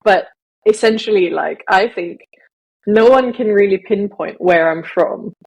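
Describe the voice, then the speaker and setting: A woman's voice: medium pitch, a little slow, creaky, darkish tone, husky, poor audio. A woman raised in Malaysia who speaks with a Southern English accent, co-hosting a casual podcast in a rambling way with frequent laughs. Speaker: podcast co-host.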